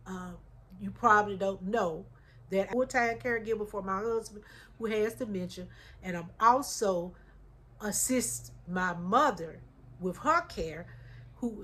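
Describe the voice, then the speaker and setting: A woman's voice: mid-range voice, expressive, a little slow, a bit bright. Heartfelt woman vlogging. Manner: heartfelt, addresses viewers as y'all. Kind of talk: emotional casual chat to viewers.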